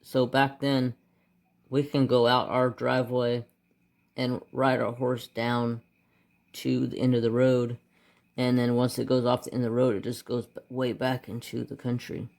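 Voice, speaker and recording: A man's voice: mid-range voice, a little slow, gravelly. Guy coloring and rambling about growing up, mumbles over his colors then gets all worked up telling the story. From United States. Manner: rambling, animated when telling the story, muttering while picking colors. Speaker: craft channel host. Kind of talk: casual storytelling while coloring.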